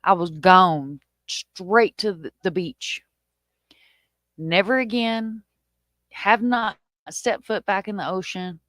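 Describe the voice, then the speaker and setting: A woman hosts a live online chat and tells a tale with lots of energy and cursing. She jumps into louder, higher voices for the people she quotes. The sound is close and dry. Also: slow pace, no room sound. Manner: animated, swearing, acts out quotes in a raised voice. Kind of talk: casual storytelling.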